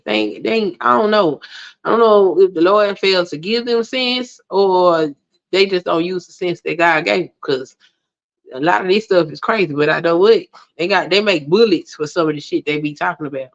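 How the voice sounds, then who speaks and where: Over dull, lo-fi stream audio, a livestream host delivers a casual ranting monologue to her chat, blunt and freely profane, with indignant spikes. Her voice is lowish and creaky, at a moderate pace.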